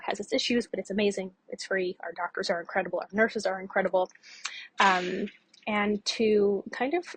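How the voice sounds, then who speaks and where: A woman's voice: mid-range voice, slightly rough, no echo. A woman podcast host telling her own story in a candid, conversational way with frequent fillers. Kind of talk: personal storytelling monologue.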